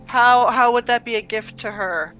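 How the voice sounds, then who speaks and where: A woman's voice: fairly high pitch, moderate pace, a bit bright. A woman playing a character in a tabletop game, blunt and impatient, with music faintly behind. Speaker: player. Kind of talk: tabletop game role-play.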